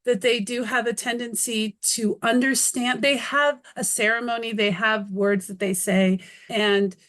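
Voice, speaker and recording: A woman's voice: on the high side, steady tone, measured pace, a bit bright. A woman from North America interviewing, thinking aloud and searching for words as she asks her question. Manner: reflective, searching for words, many restarts. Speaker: interviewer, co-host.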